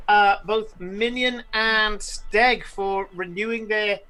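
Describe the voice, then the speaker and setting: A man hosting a live game stream, giving casual wrap-up announcements in a halting way full of fillers that often trails off quietly. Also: sits high, steady tone, clean tone, rough recording. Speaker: game master and stream host.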